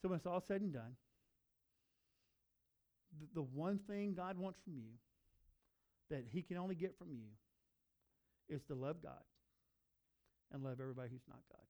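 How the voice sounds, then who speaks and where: Male pastor, sermon, earnest, emphatic repetition, mellow warm tone, raised pitch. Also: lively intonation, moderate pace, pauses often, highs cut off. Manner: earnest, building to emphatic repeated phrases.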